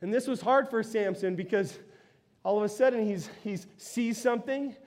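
A male pastor with a high-sitting voice preaches in a lively, conversational style, full of quick restarts and side remarks.

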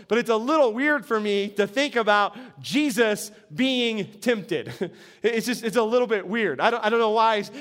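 A man with a strikingly high voice preaches a Sunday sermon. He talks in a relaxed, conversational way and keeps asking the congregation questions. He sounds middle-aged. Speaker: pastor.

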